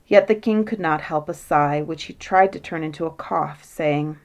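A woman's voice: deep voice, moderate pace, hardly any pauses, darkish tone. Woman reading a bedtime story.

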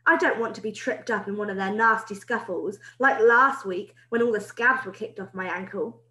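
A woman reading a storybook aloud, voicing a flustered young schoolboy in a softer, lower voice. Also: moderate pace, natural voice. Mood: protesting. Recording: roomy echo.

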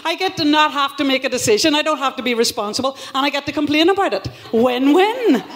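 A woman's voice: high-pitched, expressive, fast talker. A woman from Northern Ireland with a Northern Irish accent, performing a live stand-up comedy set in a wry, self-deprecating, punchy way, swearing freely. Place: live show in a theatre venue.

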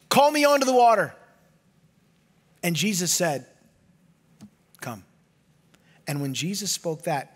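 A man preaching a sermon as pastor, animated and often dropping to a hushed low voice for emphasis.

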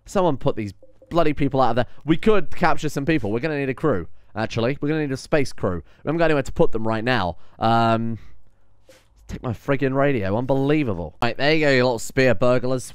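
A man giving casual let's-play commentary, often exasperated, swearing and swinging loud when things go wrong. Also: mid-range voice, clear, resonant tone, dry recording. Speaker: gaming commentator.

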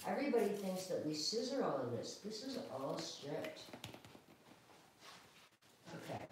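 A woman dog groomer giving a chatty, calm live grooming demonstration, talking now and then to the dog. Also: fairly low pitch, a little slow, recorded from a distance, noisy background. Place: grooming room, indoors. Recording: echoey room, away from the mic.

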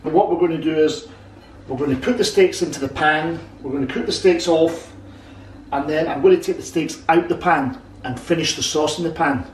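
A man's voice: on the high side, far from the mic, faint music behind. Man explaining in a roomy kitchen. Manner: halting, many restarts, explains patiently. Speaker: cook and co-host. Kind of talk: casual cooking chat. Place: home kitchen. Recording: roomy kitchen sound from off-mic.

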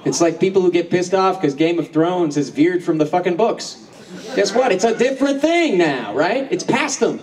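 A man's voice: high voice, expressive, moderate pace, a little mellow. A man answering fan questions on a convention panel, laughing often and swearing freely as he tells stories. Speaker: voice actor guest at a convention panel. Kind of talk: casual convention Q&A, profane and joking. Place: large convention hall with audience. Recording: distant mic in crowded hall.

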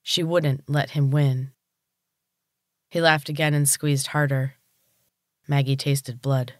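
Slow, steady storybook narrator. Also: mid-range voice, dry recording, studio quality. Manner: steady, unhurried reading. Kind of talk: audiobook narration.

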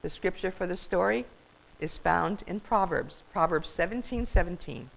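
An older woman reads a children's story aloud in a warm, expressive, grandmotherly manner. Her voice has a gravelly texture, and her pitch rises and falls in lively sweeps. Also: normal speed, low-quality recording.

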